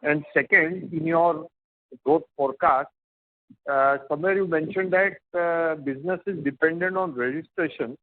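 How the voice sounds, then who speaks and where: A man's voice: fairly high pitch, normal speed, dry recording. A male analyst with an Indian English accent asking careful, detailed clarifying questions on an earnings call. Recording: dry tinny phone line.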